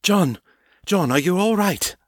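A man voicing a fierce, protective female vampire who speaks gently but warily in an audiobook. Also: medium pitch, normal speed, slightly rough, no echo, studio quality. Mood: caring. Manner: gentle yet guarded.

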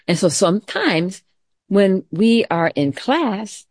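With a medium-pitched voice and a slow delivery, a middle-aged woman teacher gives children a calm, gentle mindfulness lesson mixing stories and questions for the class. The studio-quality recording has no room sound.

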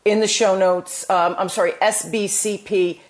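A woman's voice: medium pitch, fairly even intonation, moderate pace. A woman with a New Jersey accent, hosting a podcast and giving enthusiastic, motivational talk full of restarts. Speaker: podcast host. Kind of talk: casual chat.

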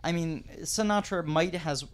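A man in his thirties, a podcast guest telling an anecdote in casual chat, animated and digressive. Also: a little high, a little slow. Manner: animated, digressive storyteller, does voices.

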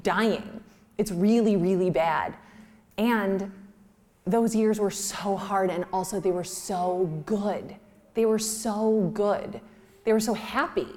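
Animated woman telling candid stories. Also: fairly low pitch. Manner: animated, laughs while telling stories, acts out quotes; heavy use of "like" as filler. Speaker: guest speaker at a live Q&A. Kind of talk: candid storytelling.

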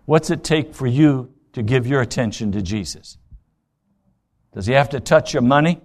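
A pastor preaches at a moderate pace in a medium-pitched voice. He retells scripture scenes, acting out the dialogue, and then presses the congregation with pointed rhetorical questions.

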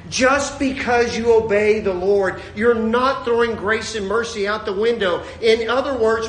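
A man, preaching a humorous sermon with stories and acting out the voices of the people in them. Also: extremely high pitch. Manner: animated, acts out voices of people in his stories. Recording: echoey room with faint ambience.

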